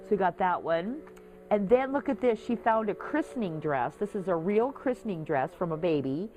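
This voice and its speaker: A woman's voice: mid-range voice, animated, moderate pace, a little mellow, soft background music. A woman vlogging casually, chatty and gushing as she shows off craft supplies to her viewers. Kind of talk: casual show-and-tell vlog.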